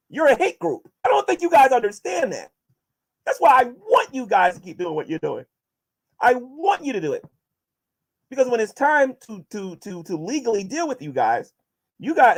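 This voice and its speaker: A man answers viewer questions in a casual vlog and turns combative toward his critics, stumbling into restarts as he pushes his points. His voice sits somewhat high and moves around a great deal. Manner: combative, addressing critics directly, many restarts.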